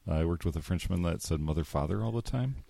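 A man's voice: sits low, lively intonation, quick pace, gravelly, mellow, no room sound. A man co-hosting a podcast chat, wry and hesitant with many fillers. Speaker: podcast co-host. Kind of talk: casual chat.

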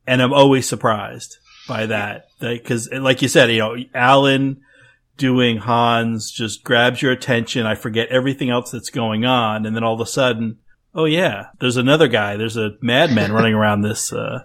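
A man co-hosting a podcast, talking in a relaxed, rambling way. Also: medium pitch, moderate pace. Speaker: podcast co-host. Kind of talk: casual podcast chat.

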